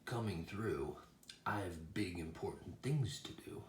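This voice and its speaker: Man voicing a self-important dump truck, deep and unhurried, echoey room. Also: a little hiss or hum. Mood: brusque. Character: big, proud, busy dump truck.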